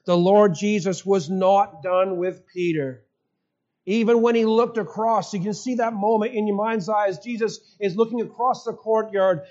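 Man, high voice, sermon, earnest storytelling, soft low emphasis, dull lo-fi sound. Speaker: pastor.

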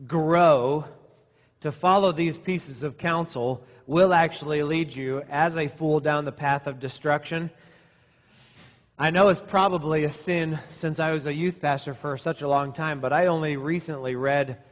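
A middle-aged man delivers a sermon to young men in a slightly high voice. He exaggerates and speaks sarcastically to drive his lesson home. A long reverb trails his words through the hall. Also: fairly even intonation, unhurried. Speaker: pastor.

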